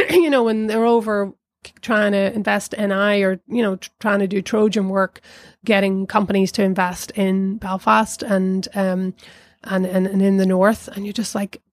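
A woman's voice: medium pitch, steady tone, unhurried, dry recording, studio quality. A woman from Northern Ireland with a Northern Irish accent, a podcast guest telling her story in casual interview chat, full of fillers. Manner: chatty, warm storytelling with many fillers. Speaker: podcast guest, arts center leader.

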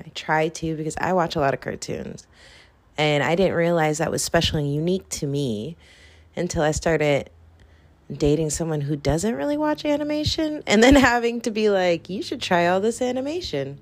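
A woman's voice: lowish voice, no room sound. A woman hosting her own show, chatting casually and rambling with plenty of fillers. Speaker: podcast host. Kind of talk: casual solo chat.

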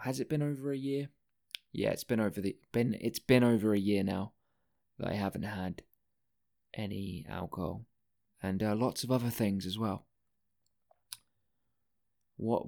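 A man's voice: fairly low pitch, creaky. A man hosting a casual solo podcast, rambling from one thing to the next, swearing often and breaking off his own sentences. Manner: rambling, profane, self-interrupting. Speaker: podcast host.

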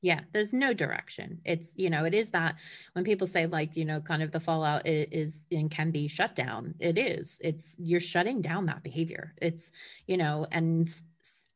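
A woman with a slightly low voice talks about her dogs in a casual conversation. She is animated and acts out how each dog reacts. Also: moderate pace.

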